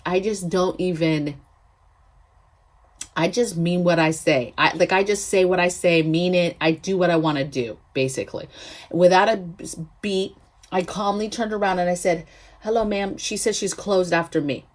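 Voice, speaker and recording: At normal speed and in a lowish voice, a woman running a prepping vlog shares a story. She's emphatic and talkative, frequently pausing with an "okay?" to check in with her audience.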